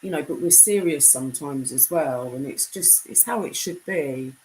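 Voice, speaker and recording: A young British woman chatting casually on a live stream, reading out viewer comments; her voice is deep enough to be mistaken for a man's. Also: moderate pace, a little mellow, a little hiss or hum, poor audio. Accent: British English. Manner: chatty, reads comments aloud.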